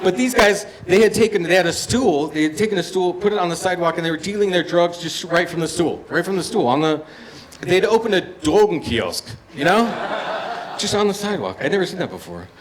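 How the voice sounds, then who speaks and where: A man in his fifties performing a stand-up comedy set, telling stories and acting out other voices with loud punchlines. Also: sits high, expressive, brisk. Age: 50s. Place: comedy bar stage with live audience. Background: audience laughter and room noise.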